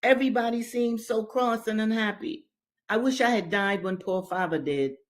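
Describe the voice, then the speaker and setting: A woman voicing a sad, gentle twelve-year-old enslaved boy who speaks plaintively and earnestly. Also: a little high, normal speed, voice pushed up, natural voice.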